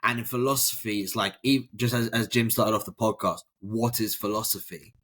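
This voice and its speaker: A man's voice: lowish voice, fairly even intonation, moderate pace, a bit bright. A British man hosting a podcast, chatting casually, rambling and laughing often. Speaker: podcast host. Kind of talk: casual conversation.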